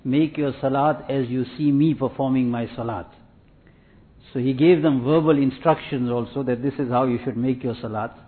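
Guy preaching, slow repeating lines, sounds like its thru a phone. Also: medium pitch, steady tone, phone-quality sound. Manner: measured, repetitive teaching cadence with Arabic and Urdu religious terms. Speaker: Islamic preacher. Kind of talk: sermon.

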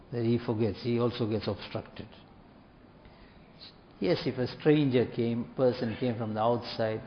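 A man giving a sermon in a mosque, measured and repetitive, dropping to soft tones for emphasis. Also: on the low side, a little hiss or hum. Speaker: imam giving a talk. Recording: dull, reverberant hall recording.

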